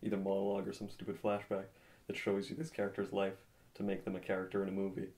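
A man's voice: deep voice, monotone, fast talker, darkish tone. A man co-hosting a film podcast, breaking the film down analytically and acting out quoted lines now and then. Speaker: podcast co-host. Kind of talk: casual film discussion.

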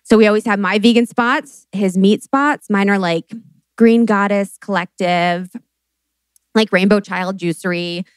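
A woman in her late twenties hosting a live podcast, telling stories in an animated, chatty way with lots of fillers and swearing. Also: medium pitch, measured pace, clear, resonant tone, no echo. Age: late 20s. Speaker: podcast host.

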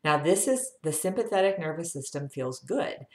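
A woman with a low voice leads a health lesson, walking viewers through breathing exercises. She guides calmly and counts each breath aloud. Her voice rings in an echoey room. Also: moderate pace. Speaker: health educator.

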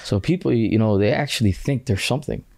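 A low, gravelly man talks bluntly in a relaxed, casual way, mixing street slang with recited Arabic phrases. His voice sits dark and mellow, and the recording is close and dry. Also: fast, dry recording. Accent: British. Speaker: guest scholar. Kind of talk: casual podcast discussion.

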